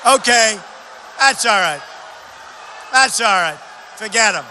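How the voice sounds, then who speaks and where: A man from New York giving a campaign rally speech in a large arena, speaking loudly in short, repeated phrases into a podium microphone. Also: lively intonation, slow pace, a little hiss or hum. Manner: loud, repetitive short phrases to a crowd. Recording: booming echo of a big arena.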